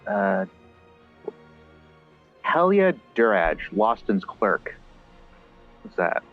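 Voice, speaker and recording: A man's voice: fairly low pitch, huge pitch swings, very slow, faint music behind. A man running a tabletop game online, talking hesitantly while checking his notes. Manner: hesitant, lots of uh and okay. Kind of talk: casual banter at the game table. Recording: dull lo-fi online call audio.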